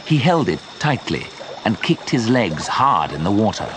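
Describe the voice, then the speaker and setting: A man with a British accent reading a graded story aloud for English learners, clear and deliberate. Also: fairly low pitch, very animated, noisy background. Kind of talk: slow graded-reader narration.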